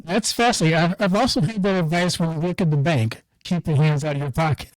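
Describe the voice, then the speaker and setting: A man from Ireland hosting a podcast, asking questions eagerly and warmly enthusiastic. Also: a little high, fast, no room sound, low-quality recording. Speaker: podcast host. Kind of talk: casual interview chat.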